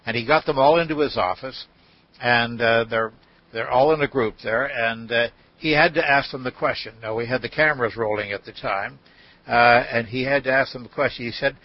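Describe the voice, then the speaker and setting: An older man, a guest in a podcast interview, telling an anecdote in an unhurried way with many fillers. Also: medium pitch, no echo. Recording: dull lo-fi audio.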